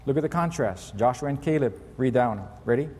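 A man preaching a sermon as pastor, animated, acting out pleading voices with big leaps in pitch. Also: fairly quick, slightly rough, in a large hall.

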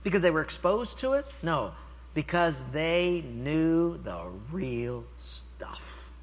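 An older man preaching a sermon, telling stories with lively swings from loud calls to hushed, quiet lines. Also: fairly high pitch, slow pace, long reverb tail. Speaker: pastor.

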